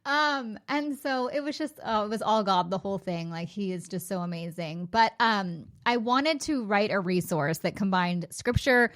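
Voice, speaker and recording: A woman's voice: mid-range voice, normal speed, few pauses. An American woman in her forties from California, a guest chatting in an upbeat, talkative way and laughing often. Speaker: guest, sobriety coach and author. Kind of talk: casual interview chat.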